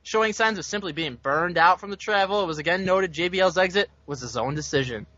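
A man's voice: sits high, fast, pushed and bright, no room sound, dull audio. A man hosting a podcast, reading out news reports with teasing asides in casual chat.

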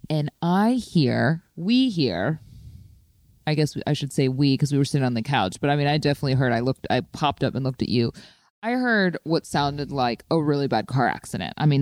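A woman telling a story in casual chat, chatty and animated, with lots of "like" fillers. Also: low-pitched, dry recording, clean studio sound.

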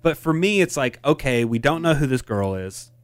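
A man co-hosting a casual podcast chat, calmly leading the group through their rankings in turn. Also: medium pitch, moderate pace. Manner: easygoing, moderating the round-robin.

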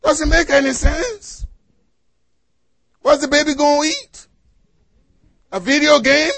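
A man preaching a sermon to a congregation, asking them to fill in the words and swinging between loud exhortation and quiet asides. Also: extremely high pitch, steady tone, takes it slowly, gravelly, no echo. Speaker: pastor.

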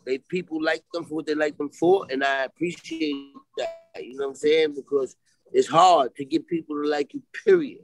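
A streetwise man with a Brooklyn New York accent speaks as a podcast guest over a video call. His voice runs a little high and gravelly. The sound is dry and close. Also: very animated, normal speed, no echo, soft background music, rough recording. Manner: streetwise, emphatic, keeps asking if you follow. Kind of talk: casual interview talk.

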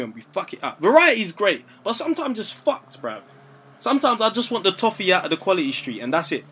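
Animated young man. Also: high-pitched, fast, husky. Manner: animated storyteller, slang-heavy, acts out quotes. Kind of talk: casual chat.

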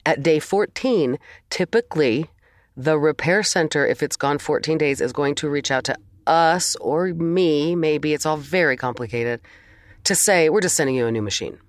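A woman's voice: low voice, a little slow, no room sound. A woman co-hosting a casual chat, telling a long exasperated story with sighs and the odd swear.

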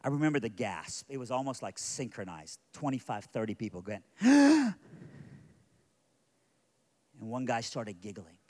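A middle-aged man preaching a sermon, telling a personal story that moves from quiet, hushed moments to loud, intense passages. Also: fairly low pitch, animated, brisk, few pauses.

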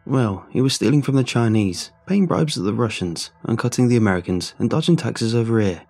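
A man doing a gruff middle-aged mover. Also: mid-range voice, animated, a little fast, darkish tone. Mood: ominous. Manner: blunt and knowing, ominous warnings. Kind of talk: storybook narration.

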